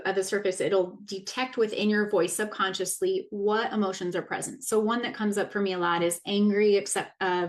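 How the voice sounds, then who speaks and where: A woman in her thirties, a wellness coach giving a casual masterclass talk, earnest and reflective, with loose fillers and restarts. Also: mid-range voice.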